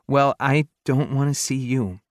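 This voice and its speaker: A male narrator voicing a wounded, frightened young woman who talks in a soft, pleading, teary way. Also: mid-range voice, steady tone, unhurried, no room sound, studio quality, voice pushed up, natural voice. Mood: hurt.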